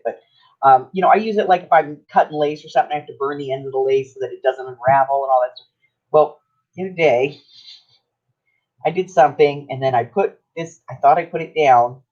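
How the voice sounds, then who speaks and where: A woman's voice: low-pitched, darkish tone. A middle-aged woman, chatting casually while crafting on a livestream, teasing and laughing often. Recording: dull lo-fi stream audio.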